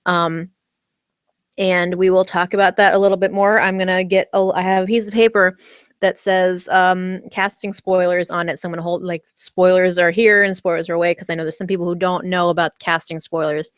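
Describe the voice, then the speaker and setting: Speaking briskly in a lowish, level voice that is clear and resonant, this American woman chats on a livestream about a TV episode she's recapping. She rambles, uses lots of fillers, restarts, breaks into giggly enthusiasm and talks around a candy. The recording is dry.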